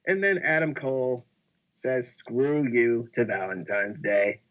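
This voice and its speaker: A man co-hosting a casual wrestling podcast, talking excitedly and acting out his own reactions as he recaps a show. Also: mid-range voice, slow. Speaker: podcast co-host.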